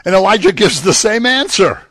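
A man's voice: high-pitched, sing-song, normal speed, a bit bright, dry recording. A man preaching a sermon in a conversational teaching manner, rising emphatically on key phrases. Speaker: pastor.

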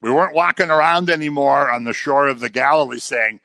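A man preaching a sermon in a conversational, animated way, sometimes acting out the people he quotes. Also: medium pitch, a little fast, gravelly, hardly any pauses, dry recording.

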